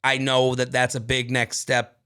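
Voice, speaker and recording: A man co-hosts a podcast, joking around in animated, casual chat and reading listener emails aloud. His mid-range voice is clear and resonant, delivered a little slowly.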